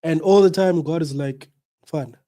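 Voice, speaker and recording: A man's voice: a little high, a little slow, darkish tone. Earnest South African man with flu. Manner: earnest, preachy, repeats his points. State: has the flu, coughing. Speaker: radio show host. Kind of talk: reflective talk-show monologue.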